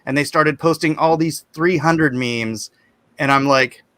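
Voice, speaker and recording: A man hosting a casual livestream, chatting and reading viewer comments aloud in animated bursts. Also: fairly high pitch, unhurried, no echo. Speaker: livestream host.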